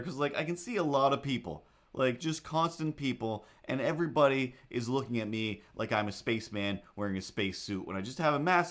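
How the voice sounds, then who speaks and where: Animated man telling a story casually. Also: brisk, few pauses. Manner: animated, acts out quoted thoughts in a higher voice. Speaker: livestream host. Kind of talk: casual storytelling while drawing.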